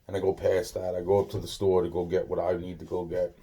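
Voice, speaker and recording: A man's voice: sits low, flat delivery, fast, dark tone, husky. A man casually telling a rambling personal story, swearing often and restarting his sentences. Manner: rambling, profane, many restarts. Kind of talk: casual spoken anecdote.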